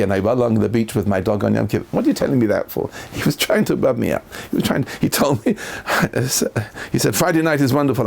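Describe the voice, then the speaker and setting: A gravelly-voiced man gives a Torah lecture. He speaks quickly and with a lively, swooping pitch. He acts out the people in his stories. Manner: animated storyteller, acting out quoted voices with big pitch jumps. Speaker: rabbi.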